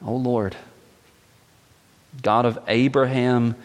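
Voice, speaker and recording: A man voicing a bold, scornful male prophet, declaiming his words forcefully in a raised voice. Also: mid-range voice, steady tone, slow, lightly acted. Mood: pleading. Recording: long echoing reverb.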